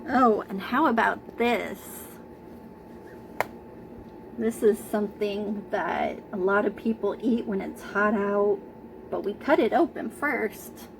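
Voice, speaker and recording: A woman teaching a remote preschool lesson, talking gently and coaxingly to young children through her camera at home. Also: mid-range voice, slow, creaky, noisy background. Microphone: computer camera mic.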